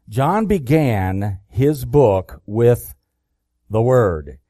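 A man preaching a sermon, reading scripture slowly and deliberately and rising in emphasis on key verses. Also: medium pitch, lively intonation, mellow, no echo, studio quality.

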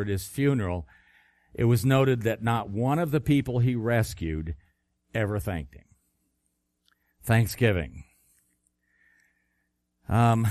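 A man's voice: mid-range voice, darkish tone, no room sound. Male pastor preaching in a dry sound. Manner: conversational, with fillers and restarts. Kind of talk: sermon.

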